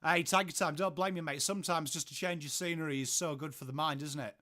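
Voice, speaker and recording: Quick and sharp-toned, this Englishman's fairly high voice stays steady as he hosts a casual watchalong from home. He chats along, welcoming viewers by name and responding to their messages.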